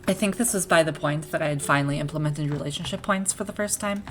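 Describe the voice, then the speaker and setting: A woman's voice: low-pitched, fast talker, hardly any pauses, noisy background. A woman game developer giving casual let's-play commentary, chatty and self-deprecating.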